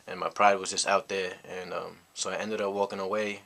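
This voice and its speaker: A man's voice: low-pitched, little pitch movement, brisk, creaky, fairly bright tone. A young man from the United States tells a personal story in a rambling, reflective way, full of "you know" fillers. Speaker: vlogger. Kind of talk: casual storytelling monologue.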